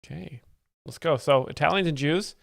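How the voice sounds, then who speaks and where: A man with a gravelly, creaky voice hosts a live stream from home, rambling and explaining jokes with dry, mock-serious commentary. His desk mic sounds close and dry, with no room echo. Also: a little high, normal speed, a bit bright. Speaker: livestream host.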